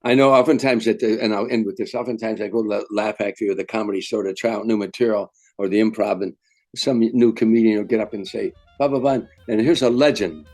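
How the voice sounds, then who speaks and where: Older man telling animated comedy stories. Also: lowish voice, fast talker, soft background music. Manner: animated storyteller, acts out quotes. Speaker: guest comedian. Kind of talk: storytelling interview.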